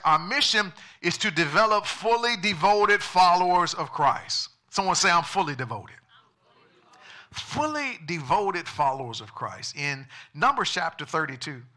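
A man's voice: sits high, bright, forceful tone. A male pastor preaching a sermon emphatically and calling on the congregation to respond.

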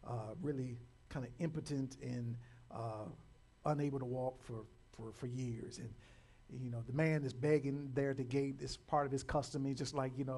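A man preaching a sermon, repeating words and building to loud calls to his listeners. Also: mid-range voice, fairly even intonation, moderate pace. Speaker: pastor.

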